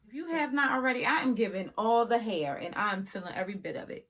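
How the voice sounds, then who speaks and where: A woman casually reviewing a wig for her viewers, chatty and often yelling with excitement. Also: medium pitch, brisk, few pauses. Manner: chatty, addresses viewers as y'all.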